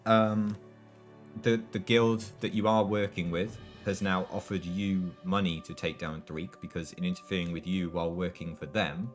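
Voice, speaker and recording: A man runs a tabletop game, narrating in a dry, wry way and often restarting his sentences. His voice sits very low. Music plays clearly behind him. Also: steady tone, normal speed. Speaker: game master.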